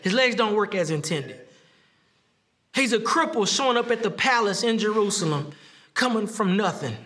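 A man preaching a sermon as pastor, animated, laughing often and acting out quoted lines. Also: moderate pace, a little hiss or hum. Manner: acts out quoted speech with rising pitch.

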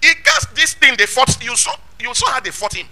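A man preaching, his voice very high and ringing bright. He swings up and down in pitch, and he presses each point home with rhetorical questions and shouted scripture. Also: wildly swooping pitch, brisk, faint music behind. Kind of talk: sermon.

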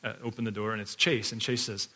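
A man's voice: on the low side, steady tone, fast, heavy background noise. A male pastor giving a conversational sermon that mixes in family stories, chatty and full of fillers, often laughing as he talks.

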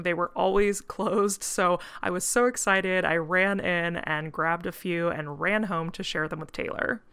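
A woman's voice: on the low side, pushed and bright, clear, resonant tone. A woman of about thirty narrating a travel vlog in an upbeat, gushing voice-over. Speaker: travel vlogger.

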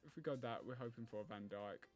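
A man's voice: mid-range voice, quick pace, soft background music. A man giving live gameplay commentary as a gaming YouTuber. He thinks aloud, groans and pleads at the game.

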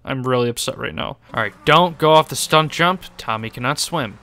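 A young man giving excitable gaming commentary, swearing, laughing and making sarcastic remarks as he plays. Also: medium pitch, brisk, creaky. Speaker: gaming YouTuber.

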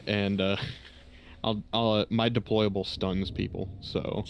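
A man streaming a co-op heist game, giving quick tactical instructions and joking at himself. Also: on the low side, level tone, vocal fry, slight background noise. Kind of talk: casual gaming chat.

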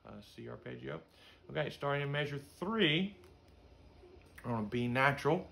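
A man's voice: medium pitch, expressive, normal speed, vocal fry, pushed and bright, slight background noise. A middle-aged man teaching a music lesson in a casual way, singing note syllables to show how passages should sound. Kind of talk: instrument lesson.

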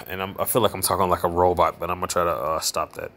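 A man vlogging, reading an article aloud in a halting, stumbling way with fillers and casual asides. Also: sits low, fairly even intonation, a bit bright, a little hiss or hum.

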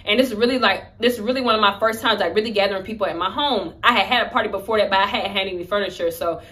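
A young woman chats through a storytime vlog in a bright, forceful voice. She talks in slang and acts out the lines she quotes with lively energy. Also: medium pitch, very fast. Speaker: vlogger telling a story. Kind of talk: casual storytime chat.

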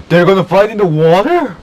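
A man giving casual let's play commentary on a park-building game, chatty and excitable, talking to the dinosaurs and laughing often. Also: high-pitched, normal speed, a little hiss or hum. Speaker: gameplay YouTuber.

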